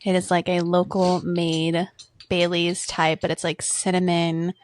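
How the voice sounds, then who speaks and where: A woman's voice: lowish voice, little pitch movement, unhurried, slight background noise. A woman hosting a casual podcast, bubbly and teasing, often laughing. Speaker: podcast co-host.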